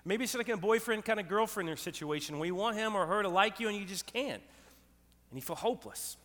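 A middle-aged man preaching a sermon, animated and storytelling, asking the crowd questions. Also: sits high. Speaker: pastor. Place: church hall with live audience. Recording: long hall reverb.

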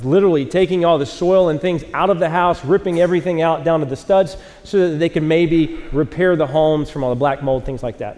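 A man's voice: fairly high pitch, darkish tone, big-room sound. A man in his forties, a pastor preaching a sermon to a live church audience, telling a self-mocking story in a casual way and acting out the quotes.

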